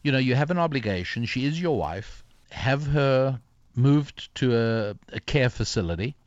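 A man's voice: mid-range voice, animated, normal speed, no echo. Older guy telling a long story in an interview, lots of uhs, kinda muffled dry sound. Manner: reflective, many fillers and restarts. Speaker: author and guest.

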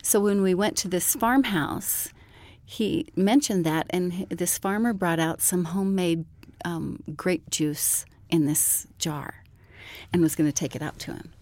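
A woman telling a personal story as an interview guest, in a calm and measured way. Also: on the low side, dry recording.

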